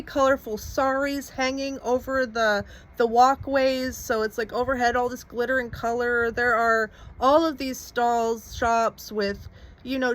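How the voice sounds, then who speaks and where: A young woman casually recounting a personal story to camera, rambling with lots of "like" and some swearing. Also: on the high side. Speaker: vlogger telling her story.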